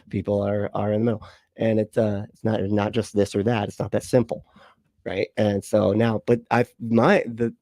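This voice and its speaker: A man's voice: on the low side, warm tone, no echo. A man hosting a casual livestream, rambling with viewers, swearing freely and laughing often. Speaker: livestream host.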